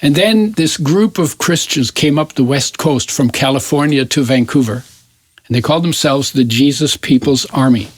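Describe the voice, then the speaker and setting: A man in his eighties, an interview guest, telling a personal story in an animated way and often restarting his phrases. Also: mid-range voice, moderate pace, breathy edge, no echo. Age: 80s.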